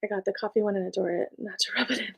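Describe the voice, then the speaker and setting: A woman's voice: medium pitch, rapid-fire, vocal fry, breathy edge. A young woman chatting casually on a live stream, reading viewer comments, bubbly and laughing often. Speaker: small business owner and live streamer.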